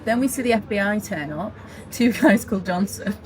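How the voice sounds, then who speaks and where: A woman's voice: mid-range voice, animated, fairly quick, crowd noise, low-quality recording. A woman co-hosting a casual film podcast, chatty and opinionated, swearing casually and laughing often. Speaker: podcast co-host.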